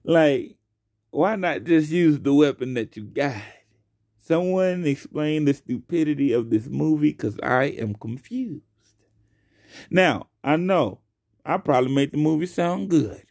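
A young man hosting his own podcast alone, talking casually and profanely into a close mic, swinging between loud outbursts and quiet asides. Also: fairly high pitch, expressive, a little slow, creaky, no room sound. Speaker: podcast host. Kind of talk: casual solo podcast rant.

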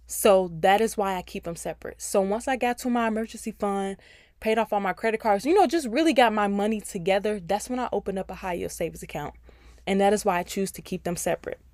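A woman hosts a personal finance podcast in a chatty, encouraging voice, speaking straight to her listeners. Her pitch sits in an everyday middle range for a woman. The sound is dry, with no room echo. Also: fast, darkish tone. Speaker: podcast host.

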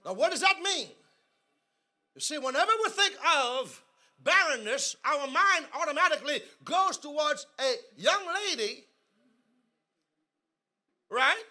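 A man preaching a sermon in a church service, telling humorous stories and leading the congregation in call-and-response that builds to shouting. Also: extremely high pitch, very animated, unhurried, long pauses. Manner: humorous storytelling asides. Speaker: guest preacher.

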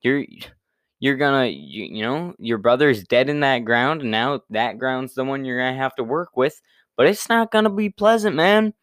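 A man's voice: mid-range voice, expressive, normal speed, a bit bright, no echo, clean studio sound, voice pushed up, lightly acted. A man voicing God as an exasperated, slangy dude who scolds and stammers in a casual Bible retelling.

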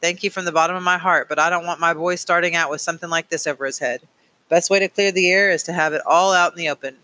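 A man's voice: a little high, steady tone, fast, sharp tone. A man voicing an earnest principled father. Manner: earnest, pleading, firm. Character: steady principled father, middle-aged lawyer. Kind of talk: audiobook character reading.

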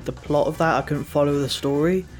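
A man's voice: a little high, fairly even intonation, brisk, faint music behind. A British man co-hosting a podcast, chiming in with dry teasing quips. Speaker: podcast co-host. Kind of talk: casual chat.

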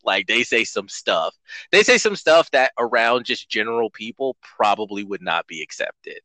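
Bright, lively-voiced male podcast host. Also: fairly low pitch, moderate pace, dry recording, low-quality recording. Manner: laughs often, rambling, jokey and apologetic. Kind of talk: casual chat while playing a video game.

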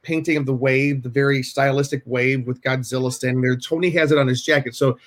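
A man at home, shelves in the room, hosts a podcast over a video call. His voice is medium-pitched and steady, and he talks briskly. The chat is casual, and his stories wander with frequent restarts as he interrupts himself.

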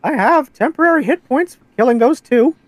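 A woman's voice: high-pitched, lively intonation, brisk, no room sound. A woman playing a tabletop game, thinking aloud in a chatty, casual way. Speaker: player.

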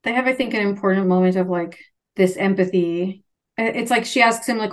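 A woman co-hosting a podcast, chatting casually about a book and acting out the characters' lines. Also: mid-range voice. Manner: animated, acts out characters' lines in quick voices. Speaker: podcast co-host. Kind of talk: casual chat recapping a book.

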